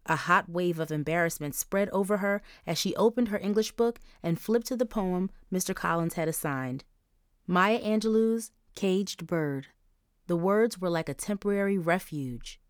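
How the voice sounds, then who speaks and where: A woman reading a novel aloud as an audiobook narrator, clear and even. Her voice sits a little low. The recording is dry and close, with no room sound. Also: moderate pace, dry recording. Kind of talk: scripted narration.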